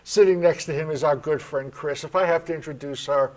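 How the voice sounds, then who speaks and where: Earnest New York talk show host. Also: male voice, on the high side, fairly quick. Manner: friendly, chatty and earnest.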